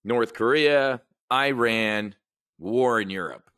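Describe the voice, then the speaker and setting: A man's voice: mid-range voice, slow pace, a bit bright, clear, resonant tone, no room sound, clean studio sound. A man hosting a trading show, commenting on the news in a blunt, rambling, profane way. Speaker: options trading show host. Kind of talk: casual market and news commentary.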